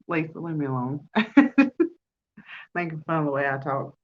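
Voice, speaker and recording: Slow-talking Southern woman, chatty. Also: deep voice. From Alabama. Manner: chatty, laughs often, drawling, answers chat comments. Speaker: podcast host. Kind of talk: casual live chat with viewers. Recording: dull lo-fi livestream audio.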